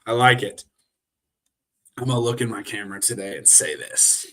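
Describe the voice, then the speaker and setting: A young man with a lowish, bright, forceful voice talks at a moderate pace straight into his webcam. He hosts a sports live stream, ranting and rambling in casual chat with plenty of fillers and restarts.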